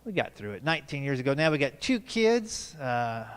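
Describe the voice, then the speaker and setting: A man's voice: mid-range voice, sing-song, normal speed, clear, resonant tone. A man in his fifties performing a stand-up comedy set, telling folksy family stories with punchy asides at a live show in a church hall. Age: 50s.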